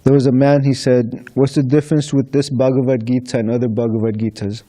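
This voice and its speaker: Guy with a super dark mellow voice, casual storytelling, acts out the chats and chuckles. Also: medium pitch, level tone, brisk. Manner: acts out dialogue, chuckles between stories. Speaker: book distributor sharing experiences. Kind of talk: casual anecdotal storytelling to a congregation.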